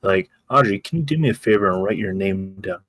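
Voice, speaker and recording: A man's voice: sits low, expressive, fairly quick, fairly bright tone, husky, no room sound. A man co-hosting a podcast, recapping an episode in loose, joking, profane chat. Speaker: podcast co-host.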